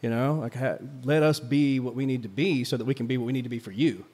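A man talks quickly in a mid-range voice, rambling through a story with plenty of fillers. He is a teacher co-hosting a podcast, recorded live at a coffee shop. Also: mid-range voice, darkish tone. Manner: rambling, filler-heavy, "like" and "right?" asides. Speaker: history teacher and podcast co-host. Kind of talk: casual storytelling chat.

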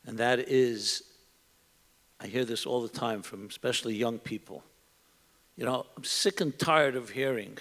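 A man's voice: mid-range voice, normal speed, fairly bright tone. A middle-aged man, a rabbi, giving an earnest, reflective talk to an audience in a synagogue hall, asking many rhetorical questions. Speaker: rabbi, panel speaker. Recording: long hall reverb.

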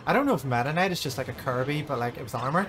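A man's voice: medium pitch, animated, racing. A young Irish man chatting casually with a friend while gaming, joking and swearing freely. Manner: joking, swears freely, breaks into silly put-on accents. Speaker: gamer. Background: game music.

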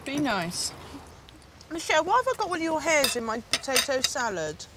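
A woman running a family farm, chatting casually with her family and teasing them with quick laughs. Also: high voice, big pitch swings, very noisy. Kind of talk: casual family chat on camera.

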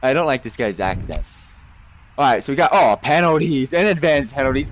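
Young man, gaming streamer, excitable live commentary, swears at misses, faint hiss behind. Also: mid-range voice, brisk.

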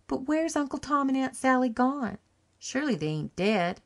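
A woman's voice: high-pitched, very animated, normal speed, voice pushed up. A woman reading an audiobook, voicing an earnest young male farmhand who speaks in a rustic country dialect. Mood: upset.

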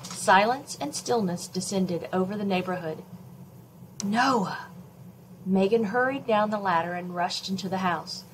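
A woman librarian reading a chapter of a children's novel aloud in a slow, expressive storytelling voice. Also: mid-range voice, slight background noise, low-quality recording.

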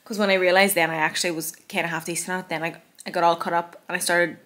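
A young woman chats to her phone camera at home in her bedroom, rambling in a self-mocking, talkative vlog. She speaks quickly in a level tone, with a slightly low, somewhat bright voice.

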